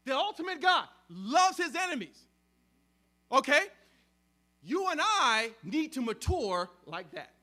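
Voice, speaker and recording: Man preaching, very high voice, emphatic, loud stresses and hushed drops, repeats and restarts phrases. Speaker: pastor. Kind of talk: sermon.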